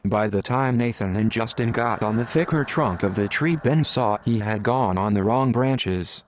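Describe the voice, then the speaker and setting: A man reading his own adventure story aloud in a plain, steady way, as an audio drama. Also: on the low side, unhurried, hardly any pauses, slight background noise. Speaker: narrator.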